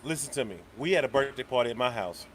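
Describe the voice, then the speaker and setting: A man's voice: medium pitch, lively intonation, fast, slight background noise. A man in casual chat telling a wild story, repeating words as he builds up to it.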